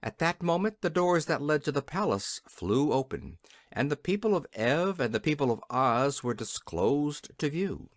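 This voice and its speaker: Man reading an old kids fantasy book, really lively voice, dry close mic. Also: fairly high pitch, moderate pace, no room sound. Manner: expressive storytelling. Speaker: audiobook narrator. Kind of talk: scripted narration.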